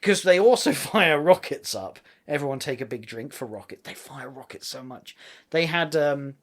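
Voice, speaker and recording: A man's voice: medium pitch, normal speed. A man co-hosting a podcast, chatting casually and animatedly as he recaps a TV episode, laughing often. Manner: animated, laughing, loud acted-out quotes. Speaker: podcast co-host.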